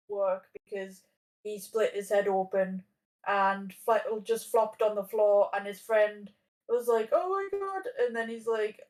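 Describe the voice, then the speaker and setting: A woman's voice: mid-range voice, far from the mic, low-quality recording. A woman in her thirties telling a long story in casual chat, rambling with lots of fillers and restarts. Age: 30s. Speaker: podcast guest.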